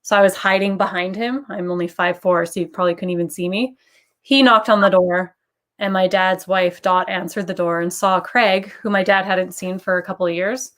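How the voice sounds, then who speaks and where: A woman's voice: fairly low pitch, steady tone, moderate pace, a bit bright. Woman telling a personal story. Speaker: guest. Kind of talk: casual interview talk.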